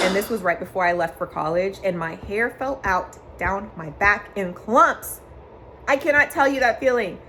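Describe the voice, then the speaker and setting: A woman's voice: medium pitch, fairly bright tone, a little hiss or hum. A young woman vlogger telling a personal story, candid and emotional, with many "like" fillers.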